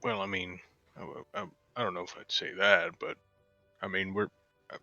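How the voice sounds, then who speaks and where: A man's voice: sits low, moderate pace, gravelly, bright, forceful tone, lo-fi sound, soft background music. A man playing in a tabletop game, speaking in a hesitant, modest way. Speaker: player.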